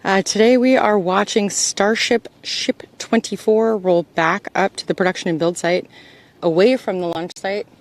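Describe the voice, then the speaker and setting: An American woman hosting an outdoor livestream, chatting with viewers and greeting them by name, often laughing. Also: on the low side. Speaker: livestream host. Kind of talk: live outdoor chat with viewers. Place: outdoors by a roadside.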